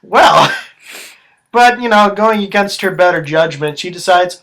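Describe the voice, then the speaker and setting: A young man hosting a casual improvised story, relaxed and joking with plenty of fillers. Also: sits high, a little slow.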